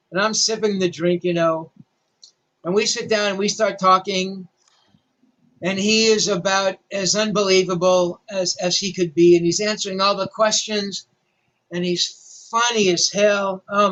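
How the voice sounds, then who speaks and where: A man's voice: sits high, a bit bright, rough recording. Older man telling a story, self-deprecating. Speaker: rock journalist. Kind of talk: storytelling interview.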